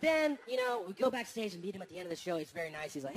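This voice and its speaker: High-voiced animated stand-up comic. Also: male voice, rapid-fire, noisy background. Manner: animated, acts out voices of friends. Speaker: stand-up comedian. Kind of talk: stand-up comedy. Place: large theater with a live audience. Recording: live stage recording with a crowd. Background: audience laughter.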